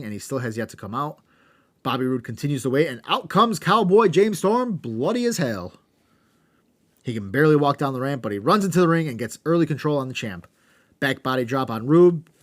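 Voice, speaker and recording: A man's voice: medium pitch, lively intonation, a little fast. A man co-hosting a podcast, casually recapping an old wrestling show with wry asides and some swearing. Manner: wry, rundown narration with swearing. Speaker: podcast co-host.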